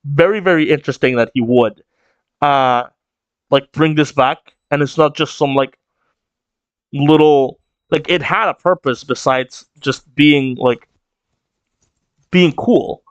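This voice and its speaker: A man's voice: a little high, takes it slowly, long pauses, dry recording, muffled recording. Rambling man reacting to a manga chapter. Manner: rambling, heavy use of "like" fillers and swearing. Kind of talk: casual reaction commentary.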